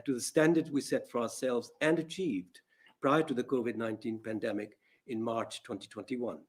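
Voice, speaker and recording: A man, a judge giving a measured, formal address in a courtroom. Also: medium pitch, breathy edge. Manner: measured, formal, reads from prepared remarks.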